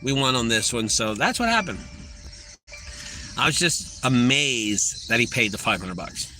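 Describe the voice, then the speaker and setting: A man's voice: mid-range voice, animated, unhurried, bright, forceful tone, soft background music. A middle-aged man, a junk removal business owner, telling a story in a profane, heated vlog rant.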